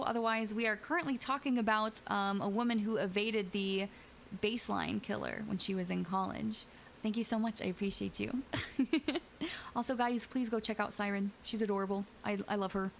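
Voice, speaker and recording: A woman's voice: mid-range voice, slight background noise. A young adult woman hosting a live stream, reading scary stories aloud and chatting playfully with viewers, often giggling. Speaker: VTuber streamer and host. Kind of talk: casual stream chat and story reading.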